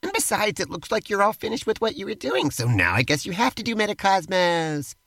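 A man's voice: high voice, very animated, a little fast, a bit bright, dry recording. A man co-hosting a comedic role-play podcast as game master, eager and teasing in his banter, over background music. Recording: music playing behind.

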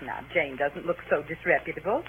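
An actress playing a patient middle-aged mother who gently corrects her children, in 1940s radio acting. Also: low-pitched, a little fast, breathy edge, full character voice. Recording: tinny old radio broadcast with faint music.

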